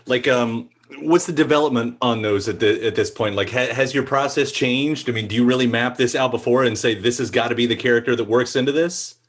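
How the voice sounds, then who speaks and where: A man's voice: mid-range voice, a little fast, hardly any pauses. A man hosting an interview, asking thoughtful, wandering questions with plenty of fillers. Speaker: podcast interview host.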